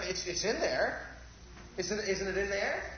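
A man's voice: high-pitched, animated, a little slow, a little hiss or hum. A man preaching a fervent sermon, firing rhetorical questions at the congregation and calling for amens. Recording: echoey, dull lo-fi church recording.

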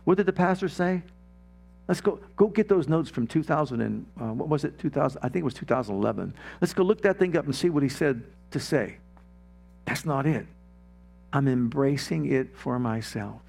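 A man preaching a sermon, with emphatic, repetitive declarations, slowing down and dropping low for emphasis. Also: vocal fry, darkish tone.

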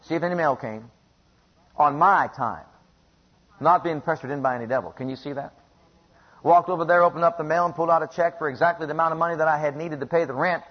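A man's voice: a little high, quick pace, breathy edge. A man preaching a sermon in an emphatic, repetitive way, often asking the congregation questions, on a dull lo-fi recording.

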